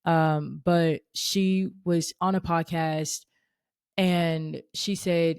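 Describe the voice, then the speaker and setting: A woman's voice: fairly low pitch, little pitch movement, extremely slow, a little mellow, smooth, dry recording, studio quality. A young woman hosting a faith podcast, talking earnestly and casually, often restarting and saying "like". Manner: earnest, conversational, with frequent "like" and restarts. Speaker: podcast host.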